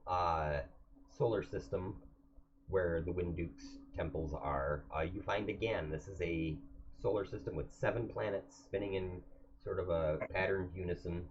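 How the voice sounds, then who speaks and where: A man's voice: sits low, unhurried. A man narrating as game master of a tabletop game, hesitant and full of fillers. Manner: hesitant, many fillers, relaxed. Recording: dull lo-fi recording, faint hiss.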